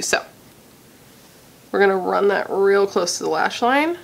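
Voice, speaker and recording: A young woman from Missouri chatting casually and gushing as she does a makeup tutorial, thinking out loud. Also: medium pitch, vocal fry. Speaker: beauty vlogger.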